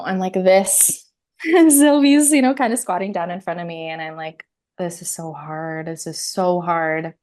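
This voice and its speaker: A woman in her thirties with a slightly low voice tells her own story in candid, conversational detail. She is animated, laughs often, and acts out her inner thoughts as she goes. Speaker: interview guest.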